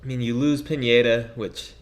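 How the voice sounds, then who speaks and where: A young man co-hosting a podcast, chatting casually about sports in a quick, excitable way that often trails off mid-sentence. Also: mid-range voice. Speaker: podcast co-host.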